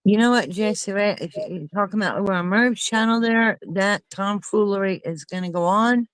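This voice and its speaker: A woman's voice: medium pitch, moderate pace, dry recording, poor audio. A woman hosting a casual chat with friends, talking in an indignant, emphatic way.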